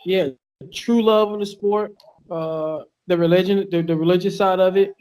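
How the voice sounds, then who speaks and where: A man with a notably high-pitched voice speaks as a fighter guest on a podcast. He rambles, swears freely and restarts his sentences often, full of fillers. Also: steady tone, normal speed, a little mellow. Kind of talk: casual podcast interview. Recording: online call with lag.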